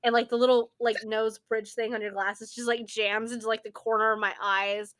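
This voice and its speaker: A young woman co-hosting a podcast, telling stories in animated casual chat with frequent laughter and swearing. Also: fairly high pitch, moderate pace. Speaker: podcast co-host. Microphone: podcast microphone.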